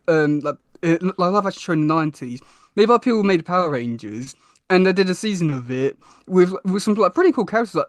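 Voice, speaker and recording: A man's voice: high voice, no echo. A young man with a British accent, a podcast guest chatting casually, hesitant with many fillers and restarts. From Britain.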